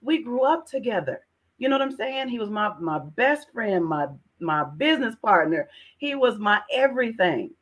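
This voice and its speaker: A woman's voice: a little high, big pitch swings, moderate pace. A middle-aged woman guest telling an emotional personal testimony in an earnest way, repeating words and often calling the listener "sis". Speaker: podcast guest.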